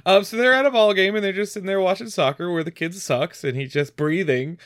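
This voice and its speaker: A man's voice: high-pitched, a little fast, a bit bright, no room sound, clean studio sound. A man co-hosting a casual movie recap chat, rambling with lots of fillers and frequent giggles. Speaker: podcast co-host.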